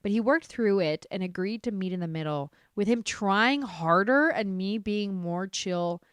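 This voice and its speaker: A young adult woman hosts a casual podcast where she reads Reddit stories aloud, breaking off into heated, animated reactions full of swearing. Her mid-range voice is smooth and a little slow, with clean studio sound and no echo.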